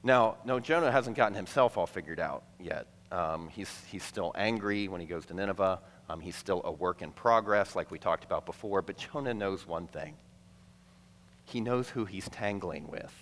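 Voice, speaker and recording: A man preaching a sermon to a congregation, conversational and playful, acting out quick asides between the teaching. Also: low voice, fairly bright tone, slight background noise. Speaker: pastor. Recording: long hall reverb.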